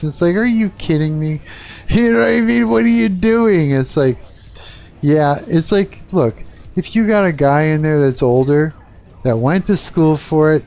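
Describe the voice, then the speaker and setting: A man's voice: a little high, darkish tone. A middle-aged man from Canada, a guitarist hosting a live stream, talking bluntly and swearing a lot in a casual rant. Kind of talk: casual ranting chat.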